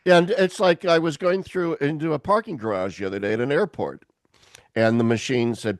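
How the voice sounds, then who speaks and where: Lively, laughing male podcast host. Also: mid-range voice, moderate pace, no room sound, clean studio sound. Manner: animated storyteller, acts out voices, laughs often. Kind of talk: casual chat on a video call. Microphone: video call.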